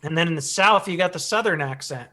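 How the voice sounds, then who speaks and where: A man with a flat American Pacific Northwest accent, chatting as a show guest. His voice sits a little high and sounds bright. He talks in a loose, relaxed way, full of fillers. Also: fast talker. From Pacific Northwest, USA. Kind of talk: casual chat.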